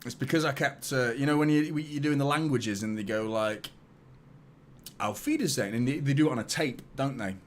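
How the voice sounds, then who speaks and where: A man's voice: medium pitch, fairly quick, few pauses, a little hiss or hum. A man hosting a live football watchalong, reacting to the match, swearing and joking with his chat. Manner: excitable, swears, jokes with chat. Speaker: watchalong host.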